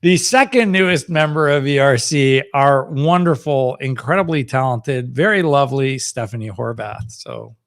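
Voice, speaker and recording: A man's voice: medium pitch, normal speed, gravelly, few pauses. A middle-aged man, a fertility doctor hosting a live Q&A, talking in a chatty, upbeat way with many fillers and easy laughter. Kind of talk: casual live-stream chat.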